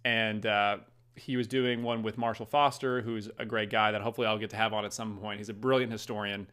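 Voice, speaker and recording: A man's voice: lowish voice, little pitch movement, brisk, fairly bright tone, clean tone. A man hosting a podcast, talking casually in a rambling, eager way with many fillers. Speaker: podcast host. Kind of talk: casual commentary.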